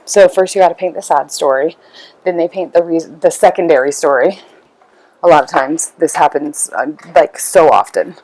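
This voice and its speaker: A woman's voice: low voice, normal speed, a little mellow, rough recording. A woman hosting a podcast, telling a story in a rambling, casual way and acting out the people in it. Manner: rambling, acts out quoted voices. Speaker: podcast host.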